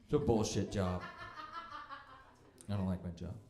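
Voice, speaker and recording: A man's voice: deep voice, fairly even intonation, unhurried, music in the background. A young man doing a stand-up comedy set, with a dry, self-deprecating and mocking delivery. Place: comedy club stage. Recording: echoey club room.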